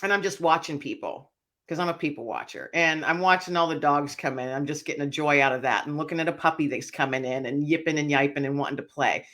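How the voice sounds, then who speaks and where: A woman author being interviewed, telling a personal story in an animated, emotional way. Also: deep voice, fast talker. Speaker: author and speaker, guest.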